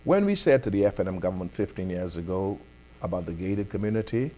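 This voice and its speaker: Firm, low-voiced Bahamian male host. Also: expressive, warm tone. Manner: firm, deliberate advocacy. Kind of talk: community affairs talk show.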